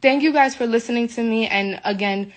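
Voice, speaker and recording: A woman's voice: a little high, brisk. Indignant woman ranting into her phone. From United States. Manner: agitated, indignant, repeats herself. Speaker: livestreamer. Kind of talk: emotional live video rant. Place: hotel room.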